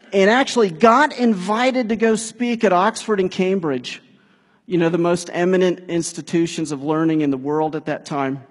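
A man preaching a sermon in a casual, animated way, building to emphatic peaks. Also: sits high. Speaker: pastor. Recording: long hall reverb.

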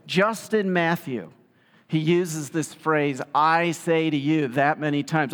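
Conversational preacher in a reverberant hall. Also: male voice, a little high. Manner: conversational, animated storytelling with asides. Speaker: pastor. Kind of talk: sermon.

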